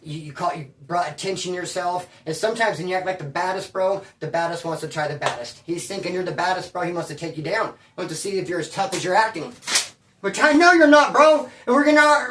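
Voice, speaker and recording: Guy spinning a story, slangy and animated, lots of bro and dude, a bit far from the mic in a roomy echoey space. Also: high-pitched, noisy background. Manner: stammers and restarts when worked up. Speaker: storyteller recounting prison life. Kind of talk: casual storytelling. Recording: roomy echo, voice away from the mic.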